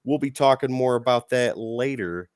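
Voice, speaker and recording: A man's voice: mid-range voice, moderate pace, smooth, no echo. Playful showman host, dry close sound. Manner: playful, showman-like announcing with big swings in loudness. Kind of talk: hyped show-host patter.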